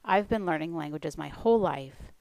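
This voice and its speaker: Woman, language coach, scripted presentation; low and a touch gravelly, dry close recording. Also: lively intonation, moderate pace, a little mellow, no room sound, low-quality recording. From United States.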